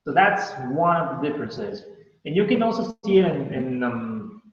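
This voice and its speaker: A man's voice: on the high side, big pitch swings, moderate pace. A male teacher giving a recorded class lecture, explaining patiently and checking in with his listeners as he goes. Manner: patient, explanatory, checks in with "right?" and "you see?". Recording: very echoey, dull lo-fi room sound.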